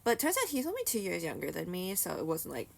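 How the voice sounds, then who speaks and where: A woman's voice: lowish voice, huge pitch swings, fast, creaky. A woman vlogger telling a casual, rambling story, peppered with "like" and restarts.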